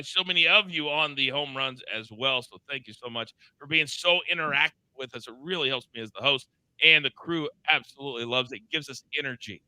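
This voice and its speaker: A male host with a very bright, crisp voice runs a live betting show. He talks fast and upbeat and ribs his crew as he goes around the table. The sound is dry and close. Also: on the high side, no room sound, rough recording. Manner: upbeat, quick and teasing, calling on each crew member.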